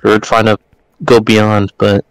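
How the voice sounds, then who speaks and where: Young male podcast co-host, lowish smooth voice, dry close sound, easygoing rambling chat. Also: monotone, takes it slowly, no echo, poor audio. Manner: laid-back, rambling with fillers. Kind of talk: casual chat.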